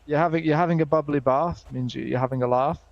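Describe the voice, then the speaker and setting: A man's voice: on the high side, steady tone, fast, vocal fry, dry recording, highs cut off. A man with a British accent playing a news reporter in a role-play interview, teasing his guests dryly.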